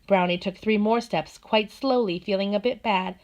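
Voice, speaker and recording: A woman narrating a children's storybook in a gentle, steady manner. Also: medium pitch, a little slow, hardly any pauses. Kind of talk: storybook read-aloud.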